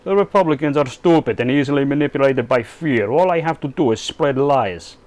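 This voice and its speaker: A man's voice: medium pitch, a little fast, darkish tone, dry recording, close to an everyday voice. A man voicing a scheming middle-aged male Russian leader in a put-on Russian accent, speaking broken English with dropped articles.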